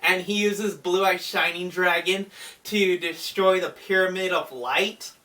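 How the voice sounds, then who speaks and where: A man's voice: high voice, sharp tone, far from the mic. A man casually recapping an anime movie, chatty with fillers like "uh" and "like". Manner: chatty, with frequent fillers and laughs. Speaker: anime commentator.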